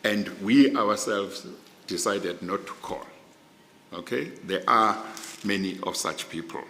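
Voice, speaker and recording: Middle-aged South African man, interviewee, measured and lowish, in a roomy hall. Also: pushed and bright. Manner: slow, measured, deliberate explanations. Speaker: judicial candidate being interviewed. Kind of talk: formal panel interview. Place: large hearing room. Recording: echoey hall, long reverb.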